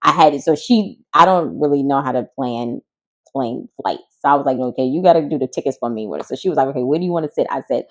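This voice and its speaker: A woman co-hosting a podcast, chatting casually and acting out a story with lively voices. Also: rumbling low, fast. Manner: animated storyteller, acts out voices. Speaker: podcast co-host. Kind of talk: casual chat.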